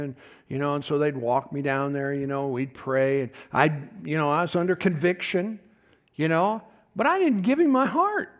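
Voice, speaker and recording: A man's voice: on the high side, brisk. A middle-aged man preaching a folksy, conversational sermon, often calling out to his congregation.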